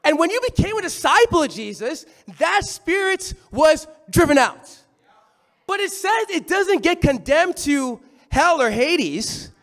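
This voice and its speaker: Male preacher with an unusually high, expressive voice; animated, conversational sermon delivery. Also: unhurried.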